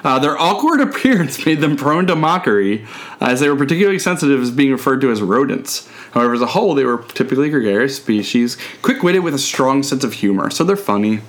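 A man's voice: mid-range voice, very animated, fast. Laid-back man co-hosting a podcast. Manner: laid-back, joking, frequent fillers. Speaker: podcast co-host. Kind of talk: casual chat, reading facts aloud.

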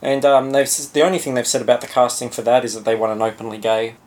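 A man's voice: mid-range voice, little pitch movement, fast, a little mellow. A man co-hosting a casual film chat, swearing freely and using lots of fillers. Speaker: podcast co-host.

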